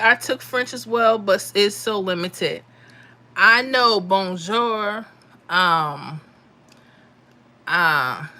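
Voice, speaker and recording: Bright-voiced chatty woman livestream host. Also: medium pitch. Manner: chatty, laughs often, Southern-style speech. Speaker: livestream host reading chat. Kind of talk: casual live chat with viewers.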